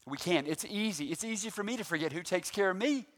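A man preaching a sermon, animated and full of rhetorical questions to the congregation. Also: high-pitched, fast talker. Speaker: pastor.

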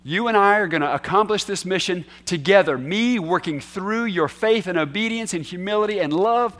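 A man preaching a sermon as pastor, earnest, moving from quiet asides to emphatic declarations. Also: high voice, expressive, normal speed, few pauses. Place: church hall.

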